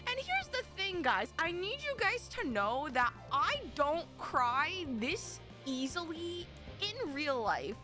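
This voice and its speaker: Young woman streaming, really high voice, goes all dramatic and rambly, faint game music behind. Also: takes it slowly. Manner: excitable and dramatic, rambling with restarts. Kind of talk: casual live-stream chatter.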